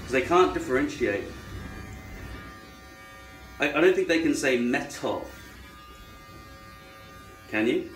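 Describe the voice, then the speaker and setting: A man's voice: mid-range voice, lively intonation, takes it slowly, pauses often, a bit bright, a little hiss or hum. An Australian man rambling wryly to camera in a casual vlog, musing aloud as he trims his hair. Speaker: vlogger. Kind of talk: casual monologue while trimming hair. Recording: echoey room, faint music. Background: electric trimmer buzzing.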